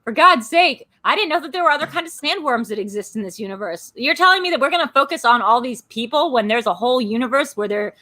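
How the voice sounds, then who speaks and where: A woman hosting a live stream, chatting casually and ranting in quick asides. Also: sits high, lively intonation, sharp tone. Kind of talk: casual chat.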